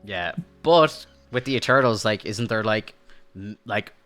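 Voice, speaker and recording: A man co-hosting a podcast, talking casually in halting phrases and laughing often. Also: lowish voice, lively intonation, a bit bright, soft background music. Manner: halting, many fillers and restarts, laughs often. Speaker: podcast co-host. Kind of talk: casual chat.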